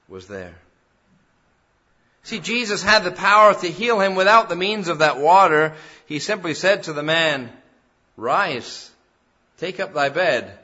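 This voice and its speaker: Earnest high-voiced male preacher. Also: pushed and bright. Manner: earnest, rising to emphatic. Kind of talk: sermon. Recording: dull lo-fi sound.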